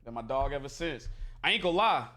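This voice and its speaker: A man's voice: mid-range voice, fast talker. A man streaming a game, telling a story casually and animatedly in heavy slang and acting out what people said. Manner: animated, slangy, acts out quotes. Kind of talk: casual storytelling while gaming.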